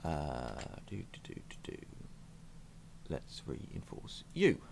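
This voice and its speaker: A man's voice: rumbling low, wildly swooping pitch, slow pace, creaky, darkish tone, a little hiss or hum. A man giving casual, self-mocking commentary as he plays a strategy game on his channel. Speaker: gaming YouTuber.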